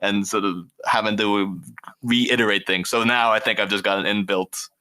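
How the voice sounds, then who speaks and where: Irish man with a bright, near-American voice. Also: fairly low pitch, steady tone, normal speed. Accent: mild Irish, near American on mic. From Ireland. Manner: chatty, laughs while telling stories. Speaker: podcast guest. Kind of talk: casual chat.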